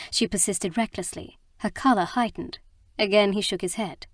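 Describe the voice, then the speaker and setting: Woman, audiobook narration, measured, middle pitch, dry close mic. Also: fairly even intonation, no room sound. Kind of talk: scripted narration.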